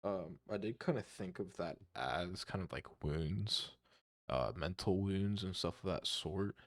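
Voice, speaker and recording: A man's voice: sits low, a little slow, no echo, clean studio sound. A young man giving casual, rambling commentary while reacting to music, hesitant with restarts and frequent swearing.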